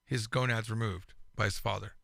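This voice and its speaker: A man co-hosting a podcast in casual chat, telling stories with lively delivery and acting out quoted lines. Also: fairly low pitch, moderate pace, gravelly, dry recording, studio quality. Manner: animated storyteller, acts out quoted lines. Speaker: podcast co-host.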